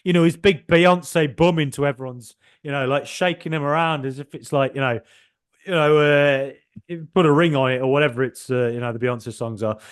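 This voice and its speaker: A man hosting a casual football podcast, animated and joking, with mild swearing and frequent restarts. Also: mid-range voice, moderate pace, clear, resonant tone. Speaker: podcast host.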